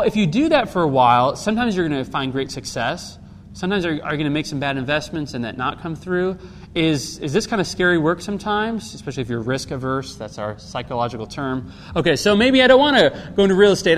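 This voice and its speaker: A man preaching in a conversational way and asking his listeners rhetorical questions as he explains a Bible passage. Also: fairly high pitch. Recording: long hall reverb with faint background noise.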